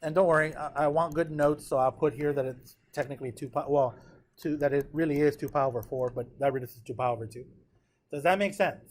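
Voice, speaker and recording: A man with a slightly high voice teaches a math lesson in a classroom. His tone is casual and encouraging, and he keeps pausing to ask the students whether they follow. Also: steady tone, slight background noise. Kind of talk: classroom lecture.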